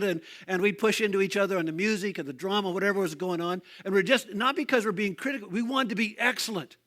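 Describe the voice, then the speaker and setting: A man's voice: high-pitched, quick pace, few pauses, a bit bright. An older man, a pastor, preaching a sermon as a conversational story, with frequent fillers and restarts.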